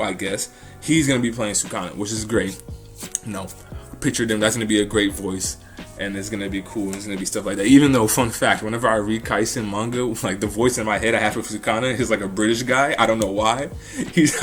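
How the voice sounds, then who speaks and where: A man's voice: on the low side, a bit bright. A man hosting a casual talk about an anime, rambling in a slangy way with lots of restarts and swearing. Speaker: anime commentary host.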